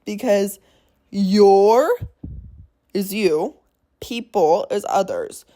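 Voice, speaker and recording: A woman's voice: medium pitch, extremely slow, mellow. Profane young woman podcasting solo. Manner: blunt, profane, rambling pep talk. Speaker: podcast host. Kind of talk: casual solo podcast monologue.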